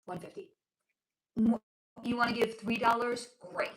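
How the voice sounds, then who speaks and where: Her fairly high, steady voice at normal pace carries through an echoey room in a low-quality recording. She's a livestream host and spiritual reader living in Los Angeles, casually and affectionately chatting with viewers from home and reading their comments aloud while losing her voice to a sore throat.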